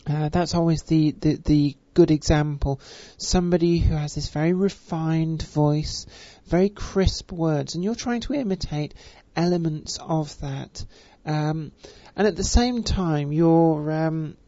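A voice coach, speaking with deliberately stretched vowels and a careful, refined pronunciation, with frequent fillers. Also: female voice, deep voice, dark tone, no echo. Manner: measured, elongated vowels, many fillers. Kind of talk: spoken voice lesson. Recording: dull, dry recording.

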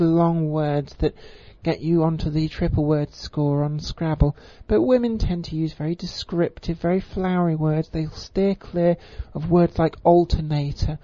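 A woman giving an informal voice tutorial, with crisp, careful enunciation and frequent ums. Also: sits low, warm tone, dry recording. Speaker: voice coach. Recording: slightly muffled lo-fi recording.

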